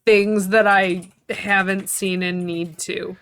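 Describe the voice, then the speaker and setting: Slow-talking woman co-streamer. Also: medium pitch, little pitch movement, a bit bright. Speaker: guest co-host teaching a game. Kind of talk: casual stream chat.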